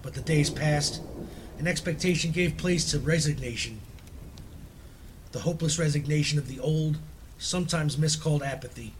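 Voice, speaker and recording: A man with a somewhat high voice reading a spooky tale aloud, slow and solemn, with a faint hum behind him. He narrates steadily, letting each phrase land. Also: poor audio. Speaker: storyteller. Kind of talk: dramatic reading of a horror story.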